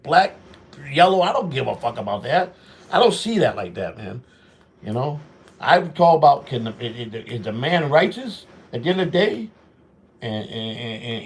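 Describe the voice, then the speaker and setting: A middle-aged man hosting a walk-and-talk show, telling street stories bluntly and with lots of swearing, acting out both sides of old arguments. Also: medium pitch. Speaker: show host.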